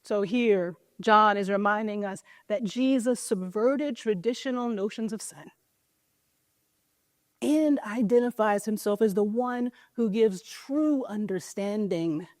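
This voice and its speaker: A woman's voice: mid-range voice, a little slow, no echo, clean studio sound. A woman giving a conversational sermon, retelling a story casually with lots of filler words. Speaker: preacher. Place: church service.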